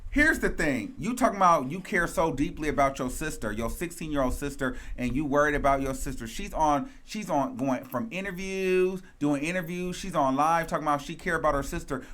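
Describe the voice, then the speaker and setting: A man's voice: a little high, a bit bright. A man hosting a gossip commentary show, ranting in a sassy, profane, emphatic way and repeating phrases for emphasis.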